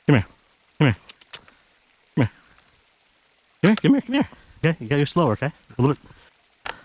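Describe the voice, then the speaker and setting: Out on a snowy trail, this hiking vlogger chats to the camera in a somewhat fast, slightly mellow voice on the high side, full of big pitch swings. He gives his dog firm commands, and the rough action-camera recording carries slight background noise.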